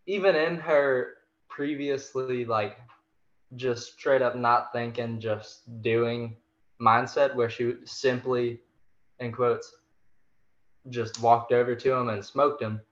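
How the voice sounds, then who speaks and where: A man's voice: medium pitch, takes it slowly. A man guesting on a podcast, retelling a story in a laid-back, slangy way. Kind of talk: casual literary discussion. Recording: dull, lo-fi remote audio.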